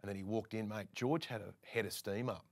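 A man's voice: on the low side, a little fast, background noise. An Australian man, a presenter appearing as a guest, telling casual anecdotes and acting out other people's lines as he goes. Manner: lively storyteller who acts out other people's lines.

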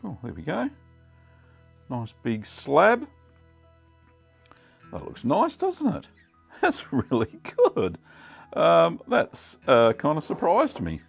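A middle-aged Australian man hosting a casual cooking vlog, chatty and relaxed with many ums. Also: a little high, takes it slowly, vocal fry, long pauses, husky, soft background music. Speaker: cheesemaking channel host.

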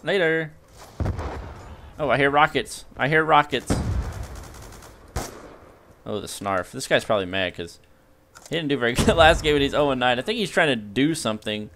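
A young man giving live gameplay commentary as a video host, excitable and yelping at sudden action. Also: mid-range voice, moderate pace, pauses often, noisy background.

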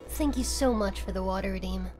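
A woman's voice: mid-range voice, a little fast, warm tone, slight background noise. A young woman with a British accent chatting playfully with her viewers on a live stream, often laughing. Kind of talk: casual live-stream chat.

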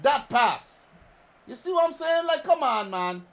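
A man's voice: very high voice, sing-song, a little slow, vocal fry, a bit bright. A man ranting in frustration while commentating his own gameplay as a streamer. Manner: exasperated ranting, keeps adding "man". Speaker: gaming streamer.

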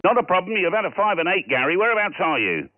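A high-sitting Scottish voice with big pitch swings leads a ham radio session, swapping call signs and signal reports in friendly, easy conversation. Calls move quickly, and the tinny radio audio carries background noise.

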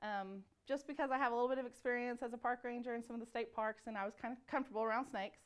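Smooth, slightly high-pitched woman. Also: racing. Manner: calm, matter-of-fact telling. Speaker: school staff member. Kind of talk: interview recollection.

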